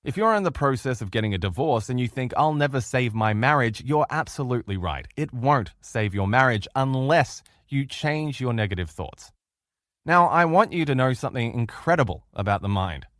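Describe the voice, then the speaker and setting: A man's voice: medium pitch, normal speed, dry recording, clean studio sound. A man teaching a relationship course as a motivational lecture, telling stories and asking the listeners rhetorical questions. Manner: animated, storytelling with rhetorical questions.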